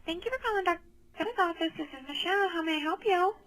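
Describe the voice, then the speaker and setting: High quick receptionist answering phone. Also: female voice, expressive, fairly bright tone, low-quality recording. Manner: quick, scripted phone greeting. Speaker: office receptionist.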